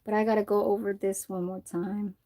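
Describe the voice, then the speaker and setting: A woman's voice: medium pitch, little pitch movement, fairly quick, dark tone. A woman livestreamer chatting loosely while she dyes her hair, rambling and swearing, with frequent laughter. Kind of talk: casual chat while dyeing her hair.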